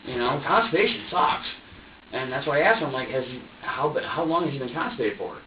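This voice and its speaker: A man's voice: medium pitch, expressive, brisk, slight background noise. Rambling, swearing man in an echoey room. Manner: rambling and profane, full of restarts, acts out his own thoughts. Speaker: suspect being questioned. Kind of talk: police interrogation, rambling account. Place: interrogation room. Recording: distant, echoey, dull room recording.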